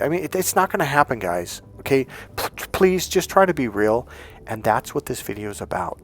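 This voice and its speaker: A man's voice: a little high, normal speed, faint music behind. A man who coaches men on dating, talking casually to his viewers, swearing freely and acting out the people in his stories. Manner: profane, animated storyteller acting out quotes. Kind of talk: casual lecture to camera.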